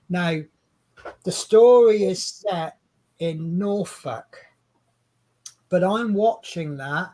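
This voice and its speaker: A man with an English accent co-hosting a casual livestream chat, rambling and chatty and often breaking off mid-sentence. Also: a little high. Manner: rambling, chatty, self-interrupting. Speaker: co-host.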